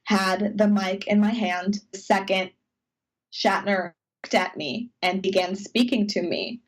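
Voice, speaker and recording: A woman on a video call tells a personal story with quick, animated energy. She slips into her own nervous inner voice and sounds on the edge of tears at times. The tone is casual and chatty. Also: medium pitch, poor audio. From United States. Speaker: podcast cohost.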